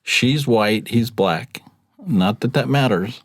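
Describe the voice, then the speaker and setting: A man's voice: mid-range voice, slow, no echo, studio quality. A man, casually telling stories as a podcast guest and acting out what others said. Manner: chatty, laughs often, acts out quotes. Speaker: podcast guest, rideshare driver. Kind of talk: casual storytelling.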